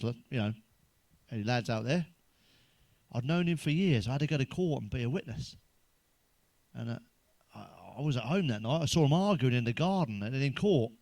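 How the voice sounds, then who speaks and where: A stand-up comedian with a mid-range voice tells crude jokes, swearing constantly and laughing at his own punchlines. The recording has no room sound.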